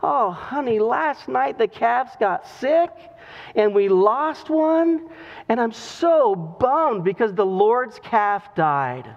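A man's voice: very high voice, unhurried. A man voicing a farmer in a told story, sheepish and rueful, in a dull recording with long hall reverb. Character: proud, then glum male farmer.

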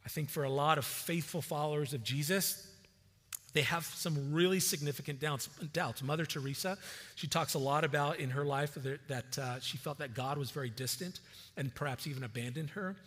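A man delivers a sermon in a conversational, animated way, often restarting phrases with repeated words. His voice is bright and forceful and sits a little high. The sound rings with a long reverb from a large hall. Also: moderate pace, breathy edge. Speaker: pastor.

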